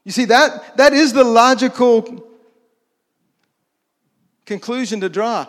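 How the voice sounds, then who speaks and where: A man's voice: extremely high pitch, slow pace, long pauses, long reverb tail. A man preaching a sermon in a conversational way, often asking his listeners questions. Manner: conversational, asks the audience questions.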